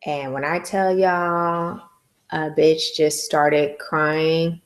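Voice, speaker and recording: A woman's voice: deep voice, flat delivery, very slow. A woman vlogger telling a personal story in casual, candid, emotional slang.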